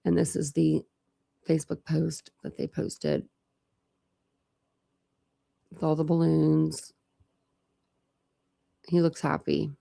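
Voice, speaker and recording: A woman's voice: low voice, little pitch movement, slow, vocal fry, long pauses, dark tone. A woman hosting a true crime channel, chatting casually and thinking aloud as she reads out records. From Ohio. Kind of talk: casual case discussion, reading out records.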